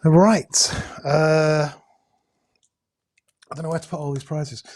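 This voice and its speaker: A man hosting a casual live-stream raffle draw from indoors, talking in a chatty, halting way with many hesitations and jokey asides. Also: on the high side, fairly even intonation, darkish tone. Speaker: host drawing raffle prizes. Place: indoors at home with a camera crew.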